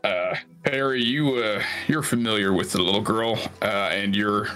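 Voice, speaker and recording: A man's voice: fairly low pitch, moderate pace, bright, forceful tone, soft background music. A man playing a tabletop game, talking in a casual, joking way. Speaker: player.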